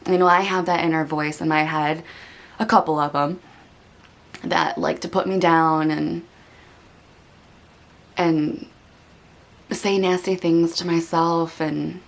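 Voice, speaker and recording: Speaking candidly to the camera, a woman who hosts a meditation channel is earnest and reflective, saying "like" and "you know" a lot, and is sometimes close to tears as she gets emotional. Her voice sits low and creaky, steady in tone, slow, with long pauses.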